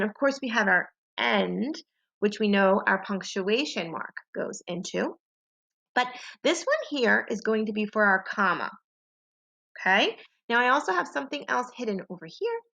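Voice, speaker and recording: Woman, primary teacher reading slowly to small kids, bright animated delivery, dull lo-fi home recording. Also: a little high. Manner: slow, clear, exaggerated sentence modeling for young kids. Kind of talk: children's phonics lesson.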